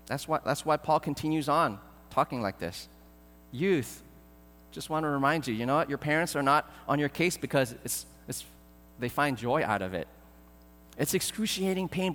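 A man preaching a sermon as pastor, earnest and pleading, often repeating words and filling pauses. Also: a little high, fairly bright tone, long reverb tail.

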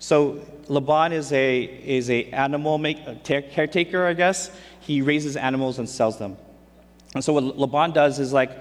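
A man's voice: mid-range voice, normal speed. A man preaching a casual sermon, retelling scripture in everyday, conversational speech. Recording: long hall reverb.

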